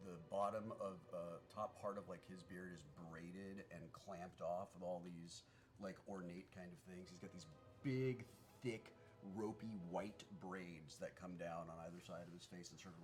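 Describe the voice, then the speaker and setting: A man describing his character at a tabletop game, halting and searching for words. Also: deep voice. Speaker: player.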